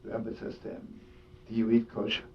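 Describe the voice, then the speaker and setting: A man telling a story as a sermon, full of Yiddish words and laughter. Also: a little fast. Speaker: rabbi and storyteller. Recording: distant dull lo-fi recording with faint rumble.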